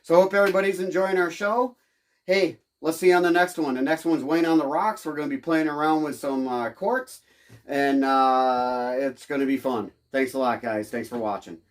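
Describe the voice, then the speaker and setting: Narrating a casual outdoor vlog for his gold prospecting channel, the middle-aged host talks loosely, with frequent fillers and restarts. His pitch is fairly high, his pace moderate, and the recording dry.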